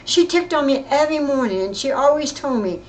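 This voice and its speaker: An older woman telling her own story in casual, rambling speech, often halting and repeating herself. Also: sits high, lively intonation, slight background noise, low-quality recording. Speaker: interviewee recounting her life. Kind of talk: casual spoken reminiscence.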